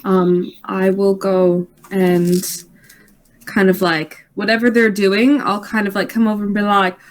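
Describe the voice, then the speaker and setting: A woman's voice: mid-range voice, level tone, measured pace. A woman playing a tabletop game, playful and giggly as she talks her character through a scene. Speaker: player. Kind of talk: casual tabletop play.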